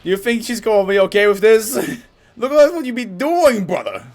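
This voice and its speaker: A man reacting out loud to an anime episode, laughing, swearing and talking back to the screen. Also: sits high, big pitch swings, moderate pace. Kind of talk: casual reaction commentary.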